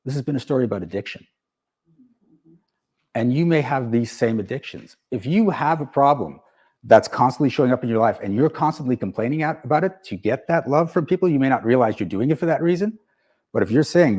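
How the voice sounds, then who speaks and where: Man, motivational speaker, husky, lively pitch, plays out dialogue while storytelling. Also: a little fast. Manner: storytelling, animated, acts out both sides of dialogues. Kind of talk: motivational talk to a live audience.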